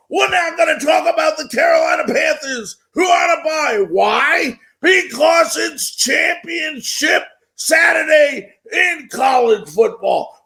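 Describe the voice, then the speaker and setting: A man's voice: very high voice, gravelly, sharp tone. A middle-aged man hosting a sports talk radio show, delivering an emphatic, repetitive monologue that builds hype.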